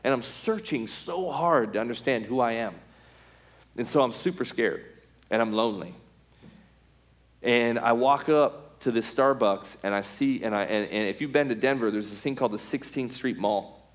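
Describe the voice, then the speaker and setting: A middle-aged man, a former pitcher, tells a lively personal testimony, acting out scenes with quoted voices and lots of "like" and "right?". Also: normal speed. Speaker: former pro baseball pitcher giving a testimony. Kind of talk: storytelling testimony talk.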